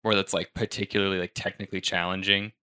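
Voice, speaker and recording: Bright-toned low male interviewer. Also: little pitch movement, fast talker, smooth, no echo, studio quality. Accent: Western American. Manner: curious, asks follow-up questions. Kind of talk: casual chat.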